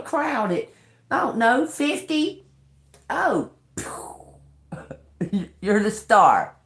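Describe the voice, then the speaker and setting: A woman giving a live tarot reading, ranting in a profane, animated way and laughing often. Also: medium pitch. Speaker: tarot reader. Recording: roomy echo.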